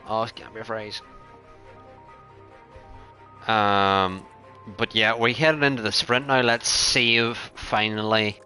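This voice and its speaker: A man live-streaming a racing game, talking to his chat, excitable and foul-mouthed, swinging from yelling to muttering. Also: mid-range voice, measured pace, faint music behind. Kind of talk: live gaming commentary to chat.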